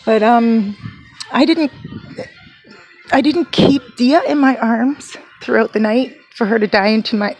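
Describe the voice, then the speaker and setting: Woman vlogger telling an emotional story. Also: medium pitch. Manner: emotional, retelling with quoted dialogue and fillers. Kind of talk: casual storytelling vlog. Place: at home near a garden.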